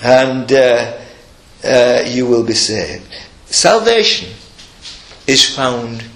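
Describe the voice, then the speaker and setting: A man's voice: medium pitch, very animated, drawn-out words. Older man preaching in an echoey room. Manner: earnest, emphatic, warm personal storytelling. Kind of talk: sermon.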